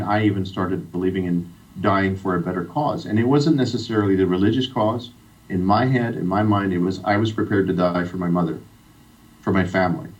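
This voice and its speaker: A middle-aged man from Iran telling a heartfelt personal story as a guest on a radio interview. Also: fairly low pitch. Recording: distant, dull radio sound.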